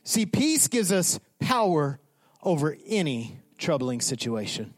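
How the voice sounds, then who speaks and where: A man preaching a sermon as pastor, animated, acting out the people in his story. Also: fairly high pitch, measured pace, no echo, soft background music. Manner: animated, acts out voices of disciples.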